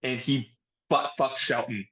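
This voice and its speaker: A man co-hosting a wrestling review show in casual chat, loud and animated. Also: mid-range voice, measured pace, lo-fi sound. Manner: loud and animated, shouting mock impressions. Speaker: podcast co-host.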